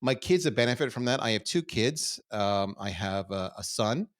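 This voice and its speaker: A man's voice: normal speed, clean tone. Candid middle-aged man telling stories. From Canada. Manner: animated, self-deprecating, swings from low and quiet to loud. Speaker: podcast guest. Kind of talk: candid conversational storytelling.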